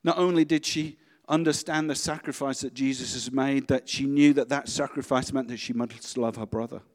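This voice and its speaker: A man preaching a sermon and leading a congregation in quiet prayer. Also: mid-range voice, steady tone, normal speed, long reverb tail. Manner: reads a story aloud, then speaks softly and prayerfully. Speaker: pastor.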